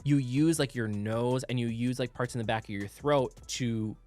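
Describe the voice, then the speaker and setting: A man's voice: mid-range voice, moderate pace, darkish tone. A man co-hosting a casual music reaction show who explains vocal technique in plain terms, with lots of "like" fillers. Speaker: music producer and co-host.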